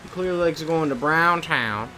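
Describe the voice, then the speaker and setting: A man's voice: fairly high pitch, moderate pace, sharp tone, slight background noise. A young man chatting casually while he live streams a game, rambling and swearing at the game now and then. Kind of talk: casual chat while gaming.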